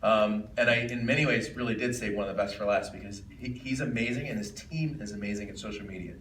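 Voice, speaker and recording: Bright-voiced man hosting an event, echoey room. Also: fairly low pitch, fast, slight background noise. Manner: joking, emphatic storytelling. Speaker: event host introducing a speaker. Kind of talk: live talk to an audience. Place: event room with a live audience. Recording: echoey room, far from the mic, faint ambience.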